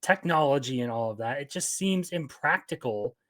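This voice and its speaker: A man with a mid-range voice joins a casual commentary chat. He talks in a halting way, often restarting his sentences while he looks for the right word. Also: mid-range voice, expressive, a bit bright. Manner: hesitant, restarts and searches for words.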